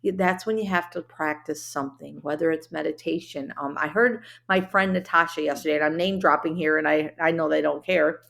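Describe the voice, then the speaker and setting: A woman's voice: low voice, fairly quick, creaky, few pauses, a bit bright. A woman hosting a solo podcast, talking in an earnest, heartfelt and chatty way with plenty of fillers. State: briefly emotional. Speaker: podcast host. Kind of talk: solo motivational podcast talk.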